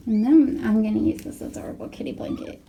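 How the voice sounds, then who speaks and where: A woman's voice: on the high side, wildly swooping pitch, fast, mellow, husky. Chatty young woman talking to her kittens. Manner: sweet baby-talk to her cats, mixed with chatty asides to viewers. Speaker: pet vlogger. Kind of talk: casual narration while handling kittens. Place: at home beside a cat bed.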